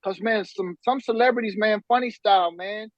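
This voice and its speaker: A man's voice: high-pitched, moderate pace, dry recording, muffled recording. A man, a podcast guest and musician, telling stories casually with slang and bursts of laughter. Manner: animated, laughing storyteller with slang. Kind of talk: casual storytelling.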